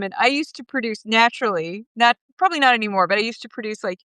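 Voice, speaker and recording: Chatty, laughing woman, higher voice. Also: quick pace, dry recording. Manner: chatty, laughs often, animated asides. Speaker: guest, cable news watcher. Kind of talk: casual conversation.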